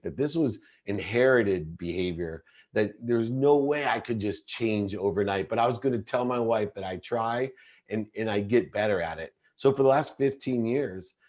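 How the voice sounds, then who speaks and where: Earnest, low-voiced man telling his story. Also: a little mellow. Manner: earnest, intense, often restarts mid-sentence. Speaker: podcast guest. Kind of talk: confessional storytelling in an interview.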